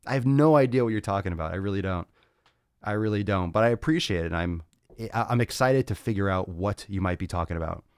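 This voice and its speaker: A man hosting a casual solo podcast, loud, laughing and profane, talking on a close mic. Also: low-pitched, fast talker, clear, resonant tone, no echo. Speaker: podcast host.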